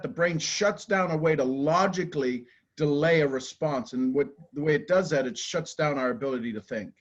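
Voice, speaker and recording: A man giving a live talk to a group, animated and casual, acting out quoted voices and swearing now and then. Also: fairly high pitch, highs cut off. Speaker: motivational speaker.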